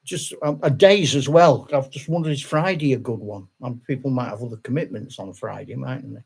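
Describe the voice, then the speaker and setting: Older man, gravelly husky voice, casual rambling live chat, frequent chuckles. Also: mid-range voice, brisk, a little mellow. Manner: chatty, laughs often, rambling with restarts. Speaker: channel host.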